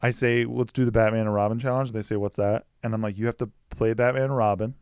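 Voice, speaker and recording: A man in his thirties talking movies in casual podcast chat, animated and swearing freely, often breaking into mock quotes. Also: fairly low pitch, quick pace, smooth, dry recording, clean studio sound. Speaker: podcast guest, Batman historian.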